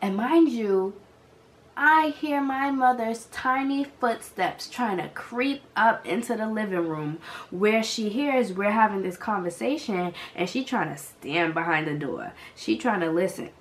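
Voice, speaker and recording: A young woman vlogger telling a storytime, animated and slangy, speaking straight to her viewers. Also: mid-range voice, measured pace. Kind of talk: storytime vlog.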